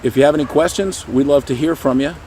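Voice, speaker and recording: A middle-aged man talking casually to camera as a dog trainer, animated and breaking into goofy high voices now and then. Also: fast talker, a little hiss or hum. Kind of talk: casual explanatory talk to camera.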